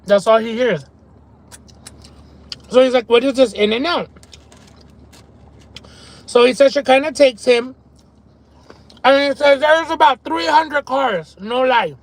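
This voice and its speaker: Brief: very high-pitched man, profane excitable live streamer eating in his car. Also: measured pace, pauses often, rough recording. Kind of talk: casual live-stream chat while eating.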